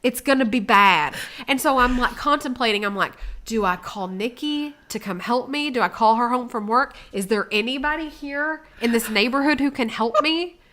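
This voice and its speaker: A woman co-hosting a casual chat, telling a story with lively acted-out quotes that rise in volume. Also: a little high, normal speed, few pauses. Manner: animated, acts out quotes with rising volume. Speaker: co-host.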